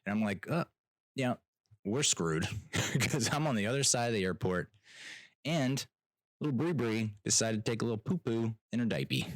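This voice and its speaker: A young adult man, hosting a podcast and telling an exasperated, animated story that mimics other people. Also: medium pitch, moderate pace, pauses often, no room sound. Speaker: podcast host. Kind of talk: casual ranting monologue.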